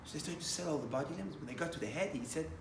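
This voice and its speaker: Animated preaching man in an echoey room. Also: fairly high pitch, rapid-fire, noisy background. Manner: animated, rising to loud emphatic bursts, many restarts. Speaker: rabbi. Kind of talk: sermon with storytelling.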